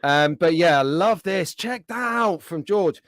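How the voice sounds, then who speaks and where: A man's voice: sits high, animated, unhurried, fairly bright tone, no echo, clean studio sound. A middle-aged man hosting a casual livestream, chatting and bantering in an upbeat way. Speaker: livestream host. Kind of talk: casual chat.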